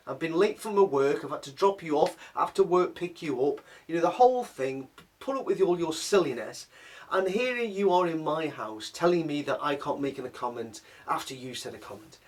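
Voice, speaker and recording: A man's voice: fairly high pitch, animated, moderate pace. A middle-aged man telling a personal story in a casual, chatty way, with asides and restarts, recorded on a distant mic. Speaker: vlogger.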